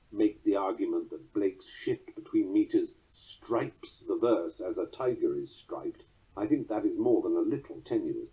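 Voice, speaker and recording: A man reading aloud from a book on poetry in a dry, wry, precise manner, slowing down to recite quoted verse. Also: medium pitch, breathy edge. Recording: dull lo-fi sound.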